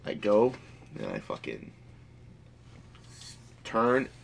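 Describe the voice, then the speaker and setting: A man's voice: lowish voice, wildly swooping pitch, very slow, creaky, a little hiss or hum. A man rambling through a story in casual chat, swearing freely.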